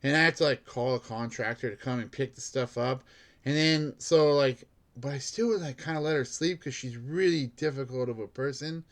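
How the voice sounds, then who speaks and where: A man's voice: mid-range voice, moderate pace. A man who works as a bank security guard, telling a rambling story in a casual monologue, filled with "like" and laughing at himself.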